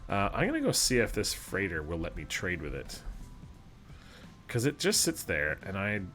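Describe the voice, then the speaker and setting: A man's voice: deep voice, huge pitch swings, moderate pace, a bit bright, faint music behind. A man from Alberta giving casual, rambling, self-deprecating commentary over a video game as host of his channel. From Alberta, Canada.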